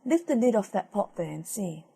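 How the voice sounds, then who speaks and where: Grumpy old henwife, read by a woman, short and scolding, soft husky tone. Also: mid-range voice, very animated, moderate pace, full character voice. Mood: curt. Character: cross old henwife of the glen.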